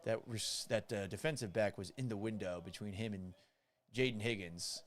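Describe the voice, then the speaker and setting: A man putting on the voice of a gentlemanly grandfather, a serious and measured newsman calling the game. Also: on the low side, natural voice. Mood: mock-serious. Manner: slow, measured, formal.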